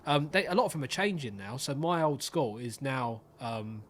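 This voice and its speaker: A man's voice: medium pitch, normal speed, slight background noise. A young man hosting a podcast, telling stories animatedly and swearing freely. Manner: animated storytelling, swears freely, acts out voices. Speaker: podcast host. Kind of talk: casual chat.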